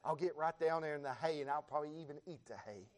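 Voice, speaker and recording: An American man preaching a sermon in a church, building his repeated phrases up into fervent shouts while the congregation answers with amens. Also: on the high side, quick pace. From United States. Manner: rising to fervent shouts, repetitive rhythmic phrasing.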